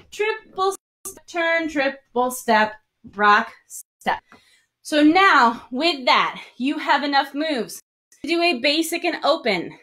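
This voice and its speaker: A woman's voice: high-pitched, a bit bright. A woman dance instructor teaching a live-streamed lesson, counting steps aloud as she dances and a bit out of breath. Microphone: single mic while moving around.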